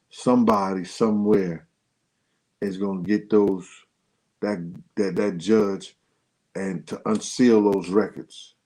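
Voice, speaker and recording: On a low-quality recording, a man with a mellow voice hosts a casual livestream, talking straight to his viewers in loose, slangy speech. His pitch spikes sharply when he gets worked up.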